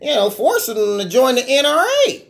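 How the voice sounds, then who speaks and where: A man's voice: extremely high pitch, animated, brisk, fairly bright tone, voice pushed up. A man mimicking a whiny complaining pundit. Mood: whining.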